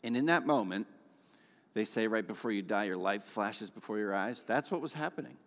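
A man's voice: fairly low pitch, lively intonation, fairly quick, fairly bright tone. A man preaching a sermon, telling his own story in an earnest, emotional way. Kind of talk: sermon testimony. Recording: long hall reverb.

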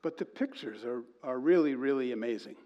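A man preaching to a congregation, telling a story in an animated way and reading quoted lines in a slow sing-song. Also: mid-range voice, dull audio. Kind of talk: sermon.

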